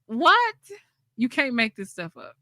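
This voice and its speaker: Blunt woman host, bright and sharp. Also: on the high side, wildly swooping pitch, a little slow, no echo. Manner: blunt, laughing often, with slang. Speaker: channel host. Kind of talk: casual livestream chat.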